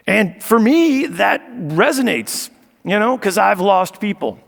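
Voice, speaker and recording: Man, stand-up comedian, sarcastic, high voice, gravelly, reverberant hall. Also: slow pace. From United States. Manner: sarcastic, deadpan asides with mock boasting. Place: stage of a live show venue.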